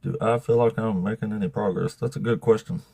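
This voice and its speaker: A man's voice: lowish voice, steady tone, fairly quick, vocal fry, warm tone, slightly rough, dry recording. A man hosting a livestream debate show, joking and laughing often.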